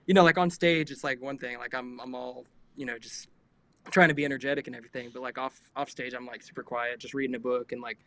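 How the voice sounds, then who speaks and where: A man's voice: medium pitch, fairly even intonation, fast, a bit bright. Laid-back young man, modest and chatty. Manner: laid-back, modest, full of "like" fillers, laughs often. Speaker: musician guest. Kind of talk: casual interview chat. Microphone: video call.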